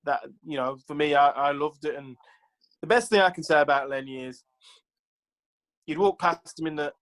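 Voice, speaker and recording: A chatty man recounting his football career as a guest in an interview. His voice sits a little high for a man, and he fills his talk with "like" and "you know" while he acts out other people's lines. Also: normal speed, a bit bright, poor audio. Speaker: former professional footballer, guest. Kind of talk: casual interview storytelling.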